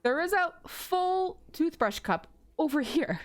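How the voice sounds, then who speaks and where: A woman's voice: sits high, very animated, measured pace. A young woman streaming a story game, chatting casually and giggling as she reads chat aloud. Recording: faint music behind.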